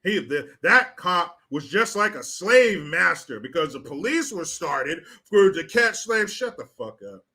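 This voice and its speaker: A man's voice: high voice, lively intonation, measured pace, hardly any pauses, pushed and bright, slightly rough. A man delivering blunt, profane, indignant commentary to the camera. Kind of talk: ranting commentary.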